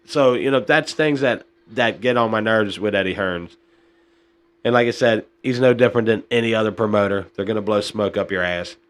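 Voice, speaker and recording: A man's voice: lowish voice, moderate pace. A man hosting a podcast, giving casual boxing commentary in a rambling, frustrated way, often tossing in "man" and "uh.". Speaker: podcast host.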